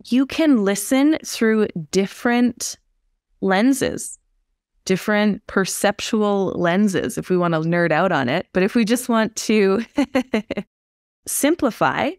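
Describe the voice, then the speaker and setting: A woman, a somatic therapist, explaining in a calm, unhurried and reflective way on a podcast. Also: mid-range voice, no room sound, clean studio sound.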